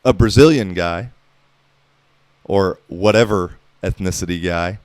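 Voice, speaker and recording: Slow yet animated, this fairly low, darkish male voice carries no echo. It belongs to an American podcast host in his thirties who rambles in a laid-back, foul-mouthed way full of filler words.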